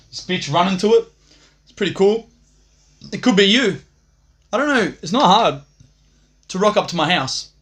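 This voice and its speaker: A man's voice: high voice, expressive, unhurried, long pauses, fairly bright tone. A young man rambling profanely on a livestream, swaggering and laughing at his own jokes.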